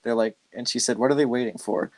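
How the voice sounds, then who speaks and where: A man's voice: mid-range voice, fairly even intonation, fast talker, darkish tone, no room sound. A man hosting a podcast, telling a story in a loose, rambling way with lots of filler words. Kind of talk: casual storytelling chat.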